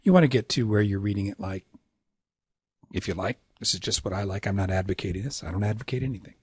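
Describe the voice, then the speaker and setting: A middle-aged man lecturing on poetic meter, reciting verse lines and tapping out syllable rhythms in a relaxed, conversational way. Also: fairly low pitch, fast talker, husky, no echo, studio quality. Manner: relaxed, conversational asides with fillers.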